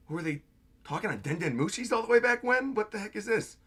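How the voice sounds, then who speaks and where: A young man hosting a manga reaction livestream, giving animated commentary with lots of laughing. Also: high-pitched, fast, slightly rough. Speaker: channel host.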